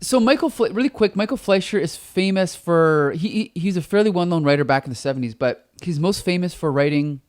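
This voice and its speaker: Animated podcast co-host with a lozenge. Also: male voice, high voice, brisk, hardly any pauses, smooth. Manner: talks with a lozenge in his mouth. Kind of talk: casual chat.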